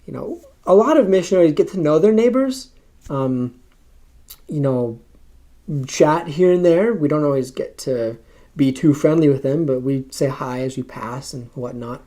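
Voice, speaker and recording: A young man, a missionary, telling a story casually and haltingly, with many fillers and restarts. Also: fairly high pitch, expressive, mellow.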